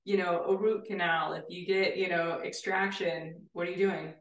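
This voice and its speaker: A woman's voice: on the low side, fairly even intonation, normal speed. A woman guest therapist explaining her work in an enthusiastic, explanatory way. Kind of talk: casual interview chat. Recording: roomy, distant mic.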